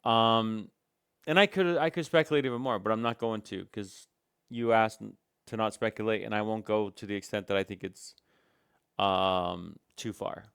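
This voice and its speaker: A man's voice: lowish voice, normal speed, creaky, a bit bright, smooth, dry recording, clean studio sound. A man giving casual reaction commentary on a stream, talking in a hesitant, musing way with many fillers.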